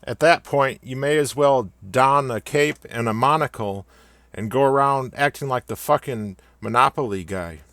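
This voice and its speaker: A man's voice: medium pitch, normal speed, fairly bright tone, dry recording. A man delivering a scripted comedic rant in a sarcastic, mock-solemn way. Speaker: satirical commentator.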